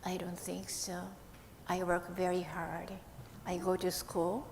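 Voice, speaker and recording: A woman voicing a sleepy, slow-talking sloth puppet for children, drawling every word. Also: lowish voice, flat delivery, darkish tone, voice pushed down. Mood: drowsy. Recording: echoey hall, faint hiss.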